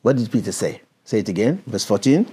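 Husky-voiced man teaching the Bible. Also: on the low side, animated, fairly quick, dark tone. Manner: interrupts the reader to explain, asks questions. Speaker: preacher.

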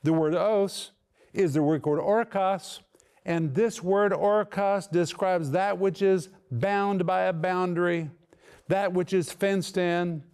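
A man preaching with a smooth, resonant voice that sits a little higher than most. He is emphatic, and he drags out key words to stress them. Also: fairly even intonation, slow, a little mellow. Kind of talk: sermon teaching.

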